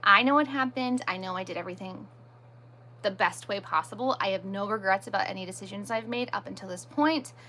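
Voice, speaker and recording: A brisk woman with a sharp, mid-range voice hosts a relaxed live stream. She answers comments as they appear and makes fun of herself, yet holds her ground when viewers get pushy.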